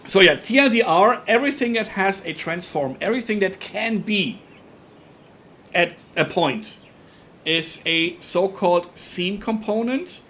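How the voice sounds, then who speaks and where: A man's voice: sits high, lively intonation, pushed and bright, slight background noise. German-accented man thinking aloud while coding. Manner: halting, repeats words, thinks aloud while working. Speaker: livestream programming tutor. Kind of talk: casual live-coding explanation.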